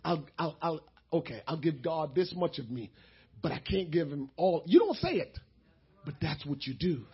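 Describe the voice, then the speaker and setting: A middle-aged male pastor preaching a sermon, swinging from quiet talk to shouting, his voice breaking with emotion. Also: a little high, sing-song, moderate pace, husky, lo-fi sound.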